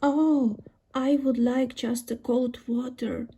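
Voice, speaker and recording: Lady putting on a sweet girl doll voice, high and breathy, super slow, toy playtime. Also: fairly even intonation, warm tone, highs cut off, exaggerated voice. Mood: grateful. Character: hot tired visiting girl doll, polite and sweet.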